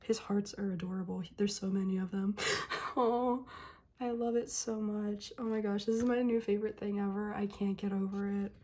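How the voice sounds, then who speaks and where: A young woman chatting casually through an unboxing, gushing and excitable, and losing her voice. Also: medium pitch, normal speed. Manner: gushing, excitable, lots of ums and laughs. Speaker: vlogger.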